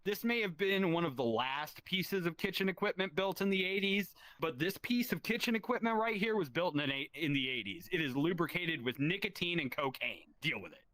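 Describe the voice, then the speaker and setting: Bright-voiced deadpan stand-up man. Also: fairly high pitch, brisk, few pauses. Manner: deadpan, self-deprecating, swears freely. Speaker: stand-up comedian. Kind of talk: stand-up comedy storytelling.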